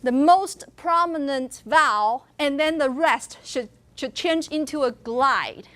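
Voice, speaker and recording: High-voiced woman lecturing. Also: slow pace, fairly bright tone. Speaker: university linguistics lecturer. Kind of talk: classroom lecture. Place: classroom.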